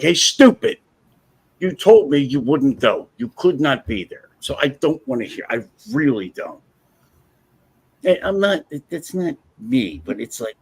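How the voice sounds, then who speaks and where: Husky guy on a livestream, swears a lot, voice jumps all over when he gets going. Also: medium pitch. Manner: profane, blunt and animated. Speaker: livestream host. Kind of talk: casual storytelling chat.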